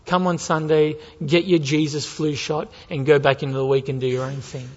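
A male pastor preaching a sermon with impassioned, rising urgency that builds to near-shouts. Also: a little high, little pitch movement, moderate pace. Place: church sanctuary. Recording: muffled with long hall reverb.

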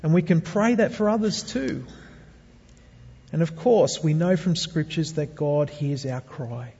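A man's voice: on the high side, measured pace, creaky, dark tone, husky. A male pastor preaching a sermon, earnest and speaking to the congregation with rhetorical questions. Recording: dull sound with long hall reverb.

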